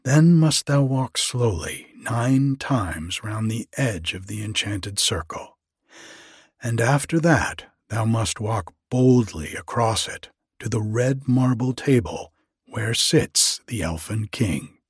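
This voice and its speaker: Man reading a little old goblin, storybook, archaic pleading speech, husky, dry sound. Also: medium pitch, animated, slow pace, dry recording. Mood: warning.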